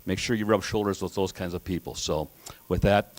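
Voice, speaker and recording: A man graduating from auctioneering school, giving a measured, reflective thank-you speech with folksy humor. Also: deep voice. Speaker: graduating student.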